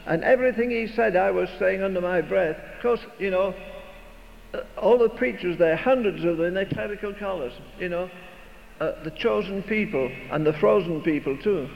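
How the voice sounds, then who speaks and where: A man's voice: high voice, moderate pace, gravelly. Older man preaching in an echoing hall. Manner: emphatic, rhetorical preaching with repeated phrases. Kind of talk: sermon. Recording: dull recording in a reverberant hall, faint noise.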